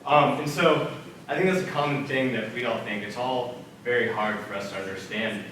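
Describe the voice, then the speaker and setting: A man's voice: mid-range voice, normal speed, fairly bright tone, slight background noise. A young man giving a casual, earnest personal faith talk to students, telling stories with plenty of "like" and "um". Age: young adult. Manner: casual, earnest storytelling with fillers. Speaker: student speaker. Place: multipurpose room at a church center. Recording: very echoey room from far off.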